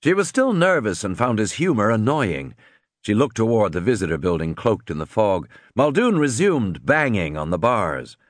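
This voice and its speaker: A man's voice: on the low side, normal speed, no echo, studio quality. Dramatic male audiobook narrator. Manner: dramatic, expressive.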